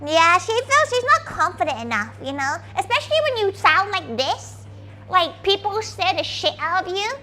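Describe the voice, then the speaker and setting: A woman's voice: extremely high pitch, very animated, normal speed, bright, forceful tone, soft background music. A woman streaming as a VTuber, chatting casually while cooking and talking to her dog, playful and crude, referring to herself in the third person.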